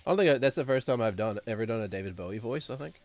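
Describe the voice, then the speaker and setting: A man's voice: medium pitch, animated, very fast, faint music behind. A man streaming a game, rambling and sarcastic, chuckling as he talks. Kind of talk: casual gameplay commentary.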